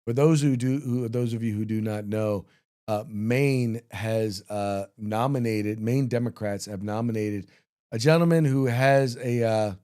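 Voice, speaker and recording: A man's voice: fairly low pitch, mellow, clear, resonant tone. Emphatic man hosting a political commentary show. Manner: emphatic, opinionated, reads out satire headlines with quick asides. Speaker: podcast host.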